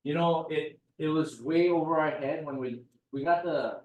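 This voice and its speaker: Relaxed man telling a story. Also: fairly high pitch, normal speed, distant mic, phone-quality sound. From Hawaii. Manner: relaxed storyteller, animated quoted dialogue. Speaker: guest speaker. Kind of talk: casual storytelling talk. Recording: roomy sound, speaker off-mic.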